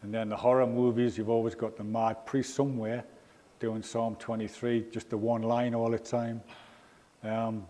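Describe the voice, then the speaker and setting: A man's voice: medium pitch, little pitch movement, normal speed, warm tone. A man from England giving an informal, rambling sermon in a church, full of ums and asides. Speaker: preacher. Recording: reverberant church hall.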